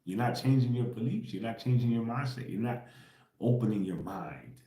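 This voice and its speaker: A man in an echoey room hosts a livestream, his mid-range, dark voice moving at normal speed through a casual spiritual rant. He keeps pressing his points with "right?", swears, uses slang, repeats himself, and laughs as he goes.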